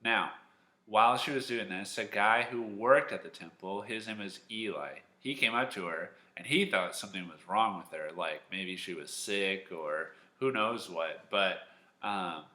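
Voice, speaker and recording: A man teaching a Sunday school lesson at home, telling a Bible story in a lively, animated way. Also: fairly low pitch, measured pace. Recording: echoey room.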